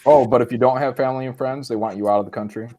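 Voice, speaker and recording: Man, co-host, playful, prodding, mid-pitched voice. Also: fairly even intonation, very fast, darkish tone. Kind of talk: casual chat.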